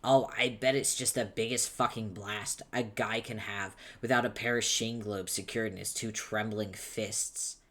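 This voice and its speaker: A man voicing an angry, foul-mouthed young male troll, shouting insults impatiently, reading a webcomic aloud. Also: on the low side, fairly even intonation, moderate pace, few pauses, close to an everyday voice. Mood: ranting.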